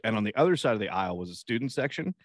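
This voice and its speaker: A man with a lowish voice tells stories in casual podcast chat, rambling and profane. His pitch swings widely as he acts out each character. The sound is close and dry, with no room around it. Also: big pitch swings, rapid-fire, no echo. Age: adult parent. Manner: rambling, profane storytelling with acted-out quotes. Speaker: podcast co-host.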